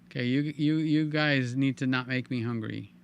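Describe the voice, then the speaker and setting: An older man hosting a live stream in a casual, chatty way, reading viewer comments aloud with a hoarse, tiring voice. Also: mid-range voice, normal speed, dull audio, slight background noise. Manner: chatty, reads viewer comments aloud, hums filler sounds. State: hoarse, voice giving out. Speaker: livestream host.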